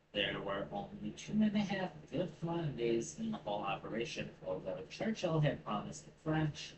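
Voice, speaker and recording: Man reading history aloud, swearing asides. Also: mid-range voice. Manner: casual, profane asides, stumbles and rereads words. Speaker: channel host. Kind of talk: reading a history article aloud with casual commentary. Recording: distant mic with clear background noise.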